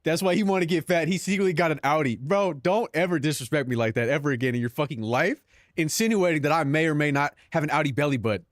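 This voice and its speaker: Young man, streamer, casual profane joking, slightly high voice, dry close mic. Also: expressive, quick pace, dry recording. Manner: joking, profane, laughs at his own bits. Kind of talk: casual live-stream chat.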